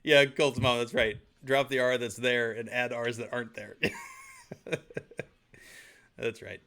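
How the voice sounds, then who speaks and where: A man with a Southern US accent hosting a casual podcast chat, easygoing and chuckling, with drawn-out vowels. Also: mid-range voice, flat delivery, bright, forceful tone. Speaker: podcast host.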